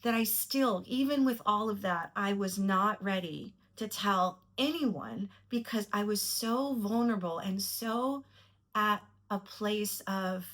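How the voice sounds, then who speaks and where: A woman's voice: mid-range voice, slow, a bit bright. A woman telling a personal story to camera in a reflective, earnest way, at times emotional. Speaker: vlogger.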